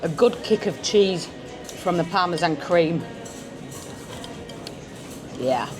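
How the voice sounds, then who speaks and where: At a beachfront restaurant, a woman with a lowish voice and lively intonation vlogs slowly, music and a busy crowd behind her. She keeps her food-tasting commentary casual, humming her approval at each bite of tapas.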